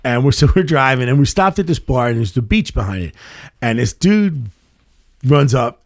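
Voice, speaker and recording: Gravelly middle-aged man spinning profane yarns. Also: mid-range voice, big pitch swings, normal speed, no room sound, clean studio sound. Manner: profane, rambling anecdotes with restarts. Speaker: stand-up comedian guest. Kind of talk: casual podcast storytelling.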